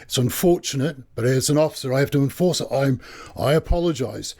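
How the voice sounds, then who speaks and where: Man playing a calm, apologetic police officer. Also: mid-range voice, brisk, vocal fry. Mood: officious.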